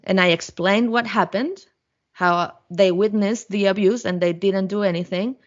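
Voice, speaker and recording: A woman's voice: mid-range voice, normal speed, lo-fi sound. Blunt, profane woman telling a story. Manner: blunt, profane, animated retelling. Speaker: podcast guest, fan. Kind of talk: casual storytelling.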